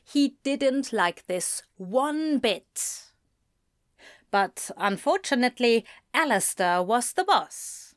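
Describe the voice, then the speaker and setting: A woman narrating a story in a slow, measured storytelling voice. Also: a little high, sing-song, no echo, studio quality. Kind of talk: fan fiction audiobook reading.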